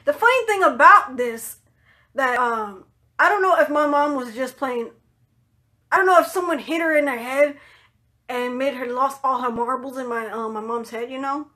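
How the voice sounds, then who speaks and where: Speaking straight to the camera, a vlogger with a high voice tells a personal story at normal speed. She's loose, casual and animated, swearing freely and acting out other people's lines in a higher pitch when she quotes them.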